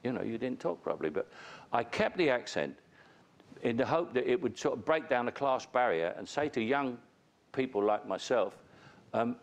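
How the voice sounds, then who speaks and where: A man with a London accent, a guest in a TV interview, speaking candidly and bluntly in a relaxed way. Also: mid-range voice, normal speed, creaky.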